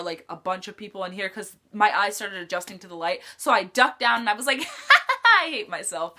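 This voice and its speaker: Teen girl telling storytime stuff, real high and bright, says like a lot. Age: teens. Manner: chatty, lots of "like" fillers. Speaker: vlogger. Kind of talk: casual storytime chat.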